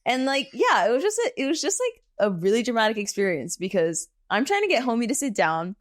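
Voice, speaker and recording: A woman in her thirties, a tattoo artist, chatting casually on a podcast and telling stories in an animated way, often saying "like" and "okay?". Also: fairly high pitch, quick pace, few pauses, no room sound, studio quality. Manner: animated storyteller, frequent "like" and "okay?". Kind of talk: casual podcast chat, storytelling.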